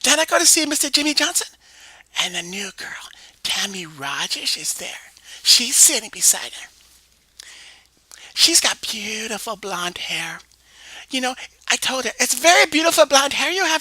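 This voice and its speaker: A woman's voice: sits high, sharp tone, dry recording, heavily acted. A woman voicing a naive, chattering eight-year-old girl who rambles breathily through her story with stammered restarts, often half-whispering. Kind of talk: comedic one-woman voice sketch.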